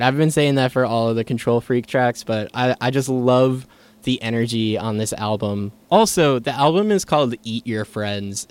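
An enthusiastic male radio DJ talks casually about the music he plays, rambling with plenty of fillers and restarts. His voice is smooth and clear at an ordinary mid pitch. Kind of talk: casual on-air music chat. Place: radio studio. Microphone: studio microphone.

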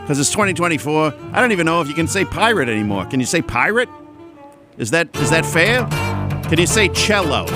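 A man delivering a rambling, sarcastic comedic monologue as host, drifting between tangents and mocking voices. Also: fairly high pitch. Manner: sarcastic, rambling, mocks others in put-on voices.

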